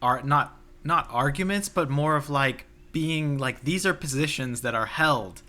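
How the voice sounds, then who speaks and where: Bright-voiced man musing slowly. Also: on the high side. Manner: thinks aloud with many restarts and fillers. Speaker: podcast co-host. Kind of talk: casual philosophical conversation. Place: outdoors near a playground.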